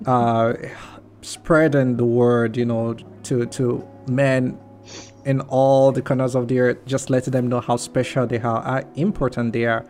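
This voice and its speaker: A man's voice: mid-range voice, flat delivery, a little slow, a little mellow, faint music behind. A man hosting a faith-centered podcast interview, talking reflectively and often saying "like" as he thinks aloud. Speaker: podcast host. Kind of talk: conversational interview.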